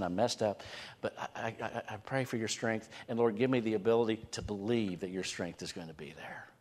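A man preaching a sermon as a pastor, moving between hushed, quiet passages and emphatic, raised lines. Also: medium pitch. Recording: long reverb of a large hall.

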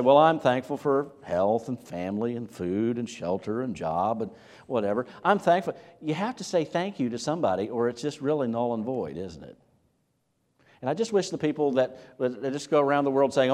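A man preaching a sermon as pastor, animated, asking rhetorical questions and repeating words as he builds his point. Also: medium pitch.

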